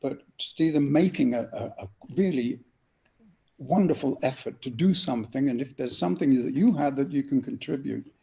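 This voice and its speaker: An older man, an actor and narrator, telling lively anecdotes and acting out voices in an interview. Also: medium pitch, moderate pace, vocal fry. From England. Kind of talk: storytelling interview guest.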